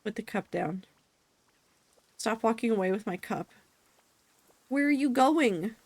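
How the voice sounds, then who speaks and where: A woman's voice: on the high side, expressive, measured pace, darkish tone, no room sound. Playful young woman streamer. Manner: playful, mock-exasperated. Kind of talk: casual game commentary.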